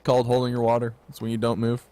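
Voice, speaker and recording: A man calling esports hockey play-by-play, quick and excitable, joking and laughing between calls. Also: mid-range voice, clear, resonant tone. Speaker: play-by-play caster.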